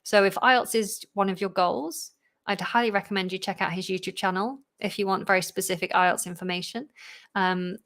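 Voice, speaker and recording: A woman is teaching English on a live stream, reading out viewers' questions from the chat. She answers them in a loose, chatty way, with fillers and quick asides along the way. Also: medium pitch, steady tone, fairly bright tone.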